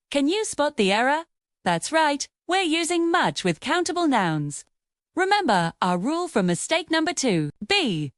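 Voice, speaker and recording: A woman narrating a scripted English lesson, explaining grammar clearly and patiently with sing-song emphasis. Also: sits high, big pitch swings, moderate pace, no room sound, studio quality. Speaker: English teacher.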